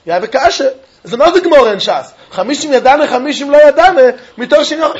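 A man with a Yiddish-inflected English accent teaching a Talmud lesson in an animated, sing-song learning cadence. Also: very high voice, fast talker, dull audio. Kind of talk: Talmud lecture.

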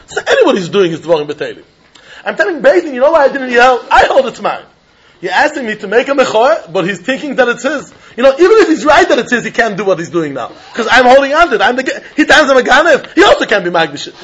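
A man teaching Talmud in a very high, husky voice that rises and falls with lively swings. He chuckles and acts out both sides of the argument. The recording sounds dull and lo-fi. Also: fast talker. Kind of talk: Talmud lecture.

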